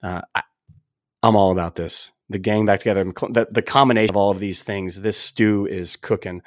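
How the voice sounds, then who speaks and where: A man's voice: fairly low pitch, steady tone, moderate pace, no room sound, studio quality. A man hosting a sports podcast, talking in a casual, emphatic, folksy way. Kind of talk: casual opinionated sports talk.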